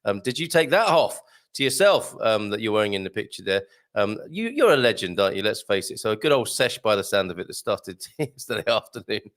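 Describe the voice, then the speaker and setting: Hosting a live morning show, a man reads through viewer comments in a chatty, joking way, laughing often and dropping plenty of ums. His voice sits fairly low and sounds fairly bright, animated and a little fast.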